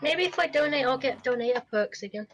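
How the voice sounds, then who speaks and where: A woman's voice: high-pitched, lively intonation, fast talker, a bit bright, highs cut off, a little hiss or hum. A young adult woman streaming a game, talking in casual, chatty bursts and laughing easily. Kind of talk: casual gaming chat.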